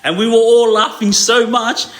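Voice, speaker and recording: A man's voice: very high-pitched, flat delivery, moderate pace, a bit bright. A young man, telling stories on a live stream in loose slang, often laughing. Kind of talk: casual storytelling. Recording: echoey room with faint music.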